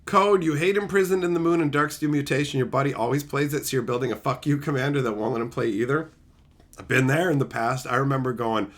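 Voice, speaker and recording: A man hosts a live stream with loud, profane excitement. His voice is bright and lively, swinging widely in pitch, and he breaks into shouted impressions of his friends. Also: a little fast. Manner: profane, excitable, rants about cards.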